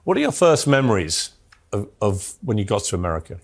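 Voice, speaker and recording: A man interviewing a guest on television, asking questions in an animated, inviting way. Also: lowish voice, a little fast, breathy edge. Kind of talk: broadcast interview.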